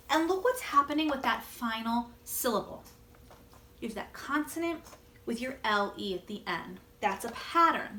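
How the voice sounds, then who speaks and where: A woman teacher giving a video word-study lesson to young children, gently encouraging them and pausing for answers. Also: a little high, roomy sound, slight background noise.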